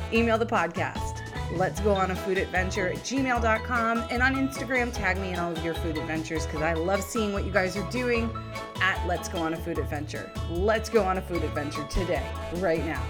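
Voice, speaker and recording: A woman hosting a podcast, chatting in a bubbly, enthusiastic way that rambles with fillers. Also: medium pitch. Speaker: podcast host.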